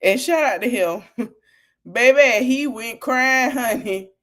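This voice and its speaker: Animated woman podcaster. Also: on the high side, takes it slowly. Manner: animated, laughs often, talks straight to the audience. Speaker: podcast host. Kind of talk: casual political commentary.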